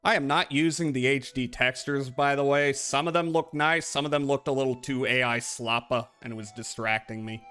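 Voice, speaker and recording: Male streamer, mid pitch, bright and forceful tone, rambling and profane chatter with chat. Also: fairly even intonation, normal speed, hardly any pauses, clear, resonant tone, soft background music. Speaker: live streamer. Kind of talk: casual live-stream chatter while gaming.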